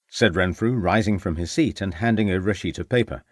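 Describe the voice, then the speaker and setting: Man for audiobook narration: steady storytelling, low voice, lively intonation. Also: brisk, few pauses, dry recording, clean studio sound. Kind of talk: scripted narration.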